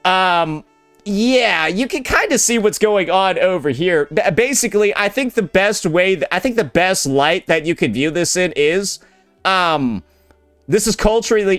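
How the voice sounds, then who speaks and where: A man's voice: fairly high pitch, fairly bright tone. A man giving casual ranting commentary, blunt and sarcastic, often repeating himself and swearing. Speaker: commentary YouTuber.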